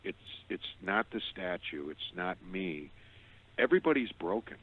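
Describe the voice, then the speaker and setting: Deep-voiced middle-aged man over a phone line. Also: animated, unhurried, breathy edge. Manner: earnest, stumbles and repeats words. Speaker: radio show guest. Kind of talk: personal testimony storytelling.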